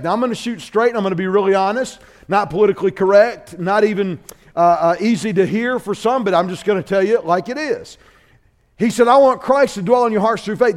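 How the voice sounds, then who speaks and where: A man preaching a sermon in church, telling a comic story with lively character voices. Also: high-pitched, fairly quick. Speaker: guest preacher.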